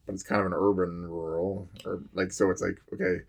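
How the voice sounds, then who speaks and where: A man's voice: deep voice, flat delivery, fairly quick, vocal fry. A man, a firefighter, telling a fire call story in casual chat, rambling with many fillers and restarts.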